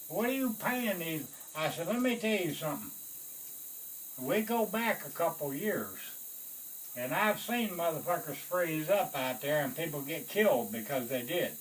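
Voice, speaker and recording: A man, a Vietnam veteran, telling a war story in an animated way, swearing and acting out the voices of others. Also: on the high side, slight background noise, poor audio. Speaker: Vietnam veteran recounting service.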